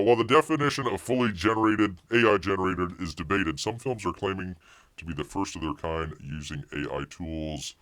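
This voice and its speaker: A man's voice: low-pitched, vocal fry, a bit bright. A man hosting a live stream, chatting casually, reading viewer comments aloud and rambling with repeated phrases. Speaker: live show host.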